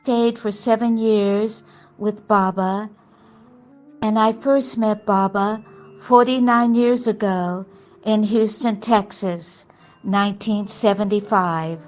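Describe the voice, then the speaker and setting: An older woman telling a personal spiritual story in a gentle, earnest way. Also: medium pitch, fairly even intonation, takes it slowly, soft background music. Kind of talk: reflective personal testimony.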